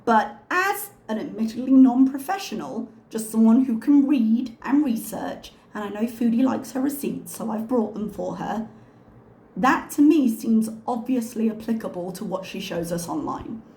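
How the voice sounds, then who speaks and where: A woman hosting a reaction video, talking calmly with pointed, sarcastic remarks. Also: fairly high pitch, moderate pace, roomy sound. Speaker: reaction channel host. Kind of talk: soft-spoken reaction commentary.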